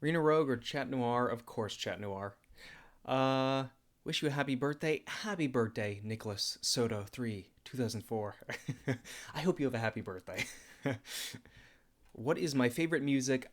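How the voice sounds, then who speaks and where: Young guy doing a chill livestream q&a, laid back, lots of uhs. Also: medium pitch. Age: young adult. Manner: relaxed, laid-back, many filler "uh"s. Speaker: YouTuber and comic dubber. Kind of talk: casual livestream Q&A.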